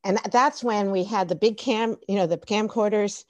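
In a relaxed podcast interview, a middle-aged woman who once taught and worked as a tech coach laughs her way through amusing anecdotes, often starting sentences over. Medium in pitch and moderate in pace, she comes through on a dry, muffled recording.

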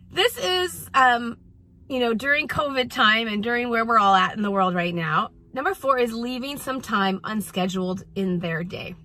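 A woman's voice: mid-range voice, pushed and bright, no echo. A woman in her forties, a parenting coach and mother, giving casual, earnest advice with frequent restarts while at a track practice.

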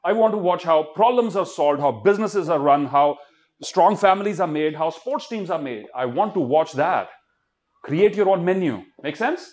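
A man giving a motivational talk to students, animated and constantly quizzing the crowd. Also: on the high side, moderate pace. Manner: animated, keeps quizzing the audience and leading call-and-response. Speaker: motivational speaker.

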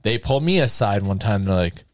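A man's voice: lowish voice, animated, quick pace, dry recording, clean studio sound. A man telling casual, profane travel anecdotes in a podcast chat, acting out the people in his stories.

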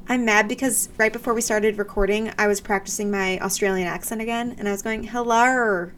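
A young woman chats easily as a podcast co-host, bubbly and quick to joke. A faint hum of room ambience sits behind her voice. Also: mid-range voice, steady tone, fairly bright tone. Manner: chatty, bubbly, joking. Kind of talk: casual chat.

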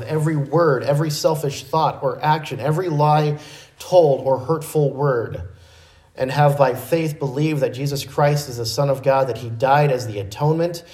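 A man's voice: mid-range voice, a little mellow. A man preaching a sermon, explaining a passage in a teaching way and often correcting himself mid-sentence. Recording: echoey room.

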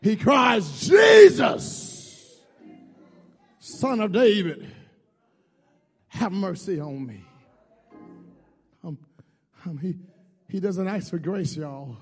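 Male preacher, very high gravelly voice, call-and-response sermon, long church reverb. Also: animated, slow, long pauses. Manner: call-and-response preaching, shouting and dropping low; repeats words and addresses the congregation as y'all. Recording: reverberant hall with music under.

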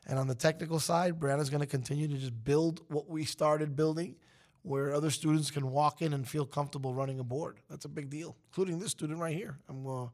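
Upbeat guy rambling on air at a campus radio station, laughing now and then. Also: on the high side. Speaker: station manager. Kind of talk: casual on-air speech.

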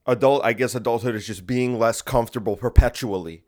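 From his bedroom at home, a man hosts a solo podcast, talking a little fast in a slightly mellow, mid-range voice. His chat is restless and jokey, and it keeps wandering off on tangents.

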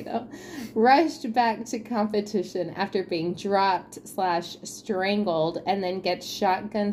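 A woman's voice: mid-range voice, a little mellow, slight background noise. Woman co-host reading out sports tweets. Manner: reads out quotes, laughs at them. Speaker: podcast co-host. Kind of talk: casual sports chat.

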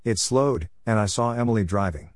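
A man reading a story aloud in a steady, even manner, as an audiobook narrator. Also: lowish voice, normal speed, dry recording, studio quality. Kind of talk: scripted narration.

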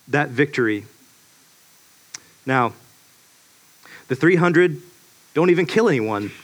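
A man preaching a sermon in a relaxed, storytelling way, full of fillers and restarts. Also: mid-range voice. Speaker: pastor.

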